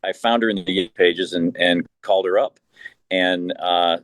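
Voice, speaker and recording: A man with a very deep voice tells a long anecdote as an interview guest, often repeating words as he builds the story. His voice sounds close and dry, with no reverb. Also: fairly even intonation, unhurried, fairly bright tone. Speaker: team executive, interview guest.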